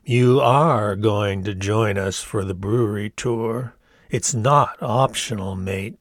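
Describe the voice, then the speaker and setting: A man's voice: on the low side, slow, dry recording, studio quality. A man voicing a pushy young male backpacker friend who talks in an insistent, ribbing way.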